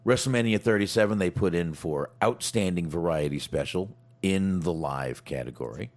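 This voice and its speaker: A man hosting a casual chat, talking in a halting way with frequent restarts and fillers. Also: sits low. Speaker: podcast host.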